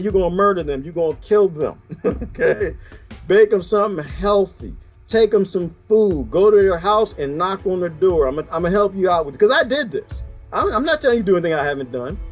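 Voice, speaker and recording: A man's voice: high-pitched, darkish tone. A man delivering a heated, preachy rant straight to his viewers, firing off rhetorical questions. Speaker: video blogger. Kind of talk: ranting monologue to viewers.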